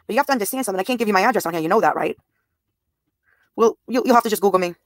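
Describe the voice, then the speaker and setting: A woman in her thirties livestreams in rapid-fire speech, her mid-range voice bluntly and profanely addressing viewers' comments. The audio is studio quality with no echo.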